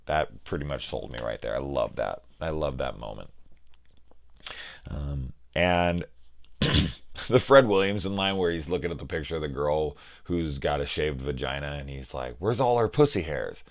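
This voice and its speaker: A young man with a low voice talks through a film review in loose, rambling fashion. He swears freely, leans on "like" and acts out bits of dialogue as he goes. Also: measured pace, vocal fry. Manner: rambling, profane, with lots of "like" and quoted dialogue. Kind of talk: casual spoken film review.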